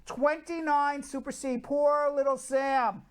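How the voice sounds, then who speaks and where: Man, host, very high voice, energetic, live show, reading comments. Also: slow. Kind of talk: live-stream talk show.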